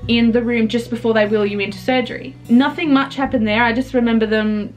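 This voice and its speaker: A young woman, telling a personal story in an earnest, halting way, with restarts. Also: on the high side, fairly even intonation, soft background music.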